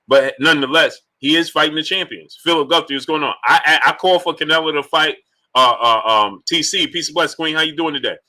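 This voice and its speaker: Male livestream host, bright sharp tone, chatty and animated. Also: on the high side, brisk. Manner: animated, shouts out viewer names between opinions. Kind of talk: casual live stream chat, reading super chats.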